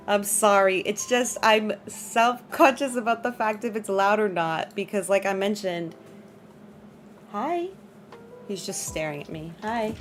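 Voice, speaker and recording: A woman's voice: medium pitch, a little slow, a little hiss or hum. A woman streaming a game from home in casual chat, laughing often and talking to her dog and her viewers.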